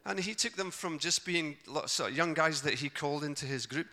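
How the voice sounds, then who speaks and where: Male preacher, bright forceful voice, animated storytelling with character voices. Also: on the high side, moderate pace. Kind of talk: sermon.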